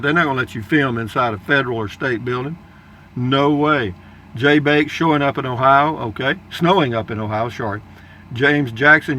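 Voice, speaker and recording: A man's voice: medium pitch, bright, forceful tone, slight background noise. An older man reading viewer comments aloud in a folksy, rambling casual chat. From Texas, United States. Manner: folksy, rambling, chuckling asides.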